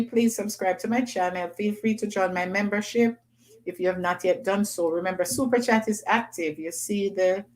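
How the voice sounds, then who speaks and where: A woman hosts a relaxed livestream, chatting to viewers and reading their comments aloud. Her voice sits at a middle pitch, and she slips easily into patois phrasing. She is recorded close to the mic. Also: rough recording. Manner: chatty, laughs often, Jamaican patois phrasing. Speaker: livestream host.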